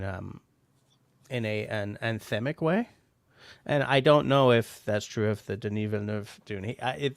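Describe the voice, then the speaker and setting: Gravelly dude on a livestream, slow and unsure, trails off, dry close mic. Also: male voice, on the low side, no room sound. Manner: measured, hesitant, trails off. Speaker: livestream co-host. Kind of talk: casual chat.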